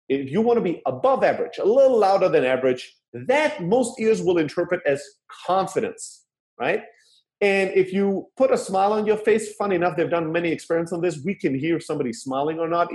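A man in an echoey room, talking about phone sales in a casual, emphatic way. His voice sits a little high and swings widely in pitch as he stresses points, often tossing in "right?" and the odd curse. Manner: animated and emphatic, with frequent "right?" asides and occasional swearing. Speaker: sales coach.

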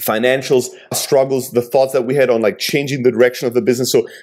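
A man's voice: medium pitch, fairly even intonation, quick pace, darkish tone. A man, an entrepreneur, speaking earnestly and reflectively in casual conversation.

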